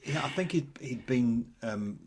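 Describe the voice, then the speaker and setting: A man's voice: medium pitch, animated, a little slow, a little mellow, husky. A man co-hosting a casual chat, telling stories with hesitant restarts. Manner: anecdotal, hesitant storytelling. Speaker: podcast co-host.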